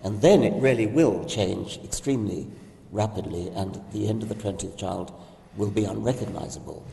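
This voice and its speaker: An older man with a low, mellow voice lays out his reasoning in a calm, measured way. He sounds far from the mic, and his voice rings through a large echoey hall. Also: gravelly, a little hiss or hum. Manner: measured, explanatory, with occasional restarts. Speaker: discussion guest. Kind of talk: conversational scholarly discussion.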